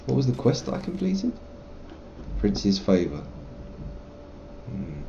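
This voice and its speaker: A man thinking aloud through a game on a live stream, his low, mellow voice rising and falling in lively swings. He rambles and mocks himself as he reads dialogue options. The stream audio sounds muffled and dull. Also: normal speed, a little hiss or hum. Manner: musing, rambling and self-mocking while reading dialogue options aloud. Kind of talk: live let's play commentary.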